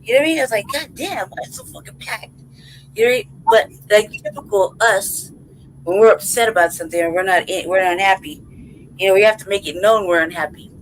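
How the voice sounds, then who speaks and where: In poor audio with a bit of hiss or hum, a woman with a mid-range voice talks fast. The podcast host chats casually through a rambling, profane story, laughing as she goes and asking "right?" and "you know what I mean?" along the way.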